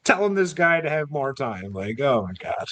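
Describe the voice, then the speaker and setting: A man's voice: fairly high pitch, sing-song, moderate pace, a bit bright. A man who is a guest from a wrestling promotion, chatting casually in a joking, exasperated way. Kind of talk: casual chat.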